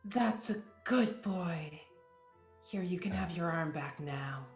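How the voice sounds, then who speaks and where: A woman's voice: lowish voice, expressive, slow. Woman, tabletop player, teasing, roomy echo, faint music. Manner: confident, teasing. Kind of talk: tabletop role-play.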